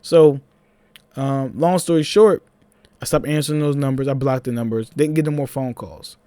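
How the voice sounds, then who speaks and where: A young man with a Philadelphia accent, telling a personal story in a casual, animated vlog, with laughing asides. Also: mid-range voice, moderate pace, no room sound.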